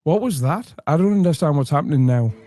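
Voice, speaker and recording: A man's voice: fairly high pitch, lively intonation, quick pace, mellow, soft background music. A middle-aged man reacting to clips with dry, sarcastic asides from a room at home. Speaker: commentary host. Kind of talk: comedic reaction commentary.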